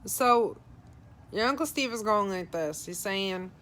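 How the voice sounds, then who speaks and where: A woman psychic medium talking through a live reading at a middling pitch. She passes on spirit messages in the first person, casual and direct, with frank advice. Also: expressive, measured pace, a bit bright. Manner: advising, frank tone.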